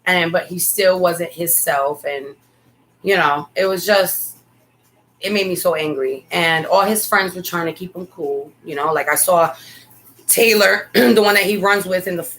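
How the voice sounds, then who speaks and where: A woman's voice: fairly low pitch, a little slow, fairly bright tone, poor audio. A middle-aged woman and mother co-hosting a casual talk show, telling a family story with candid asides. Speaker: podcast co-host, mother.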